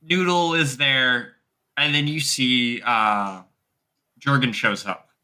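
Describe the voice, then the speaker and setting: A man's voice: mid-range voice, takes it slowly, pushed and bright. A young man narrating a tabletop game as game master in a loose, casual way, with lots of fillers.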